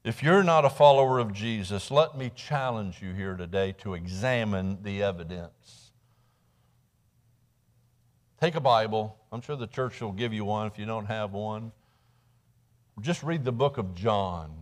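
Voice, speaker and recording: A man's voice: lowish voice, animated, normal speed. A Midwestern American man preaching a sermon in a church, telling the story conversationally and often restarting his words. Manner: conversational storytelling, dramatic acted quotes; repeats words when restarting. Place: church sanctuary.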